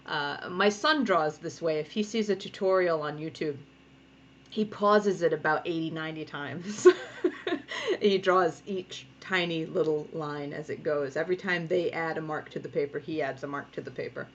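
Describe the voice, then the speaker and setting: A woman in her thirties with a Rhode Island accent, a comic artist leading a relaxed draw-along from home and talking through each step. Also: low voice, moderate pace. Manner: chatty, encouraging, thinking aloud while drawing. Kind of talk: live draw-along tutorial. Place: home studio. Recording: dull lo-fi sound with faint noise.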